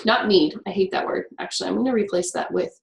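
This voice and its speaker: A woman's voice: medium pitch, vocal fry. Upbeat woman teaching a class. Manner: upbeat, chatty, quick with many "like" fillers. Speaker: workshop teacher. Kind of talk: guiding a class through writing prompts. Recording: echoey room with faint noise.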